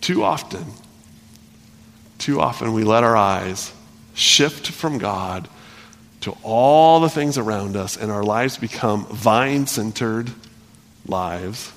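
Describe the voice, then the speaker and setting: Earnest preacher man in a reverberant hall. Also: on the low side. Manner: earnest, repeats phrases, swings from loud to hushed. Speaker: pastor. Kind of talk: sermon.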